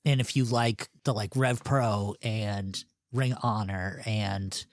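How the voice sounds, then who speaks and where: A man's voice: fairly low pitch, steady tone, takes it slowly, no echo, clean studio sound. A man hosting a podcast, chatting casually in a rambling, playful way. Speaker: podcast host. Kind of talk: casual chat.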